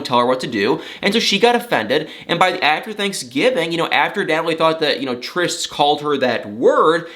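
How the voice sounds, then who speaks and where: A man's voice: fairly high pitch, sharp tone. A young man giving an opinionated, casual recap of reality TV drama, retelling events with quoted asides. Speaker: celebrity gossip commentator.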